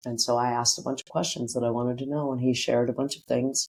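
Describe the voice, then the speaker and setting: A middle-aged woman, a breathwork teacher, telling a personal story as a guest in a podcast interview. She is animated, acts out quotes and swears casually. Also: extremely low pitch, quick pace, hardly any pauses, slight background noise.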